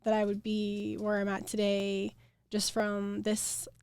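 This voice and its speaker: A young woman with an American accent, a flower farm owner chatting as a guest, animated and full of "like" fillers. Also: medium pitch, slow, clean tone. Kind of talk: casual interview chat.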